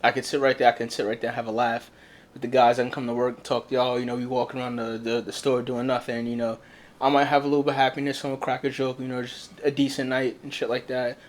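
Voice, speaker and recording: A young man talks openly and bluntly, swearing freely as he recounts his own hard times. He tells it in an animated, conversational way at a middle pitch. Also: fast talker. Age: young adult. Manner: blunt, profane, animated storytelling. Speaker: podcast co-host. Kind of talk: casual candid chat.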